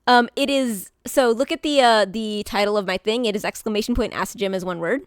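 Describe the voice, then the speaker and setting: A woman streaming live, talking casually to her chat in a rambling way, with many fillers and restarts and bubbly bursts of excitement. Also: medium pitch, a little fast, smooth, dry recording, studio quality.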